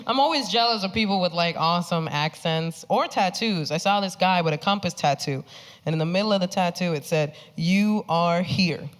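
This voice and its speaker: A woman in her thirties doing stand-up comedy, telling stories in a brash, punchy, animated way on a club stage. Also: on the low side, fairly quick. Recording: live club with noisy audience.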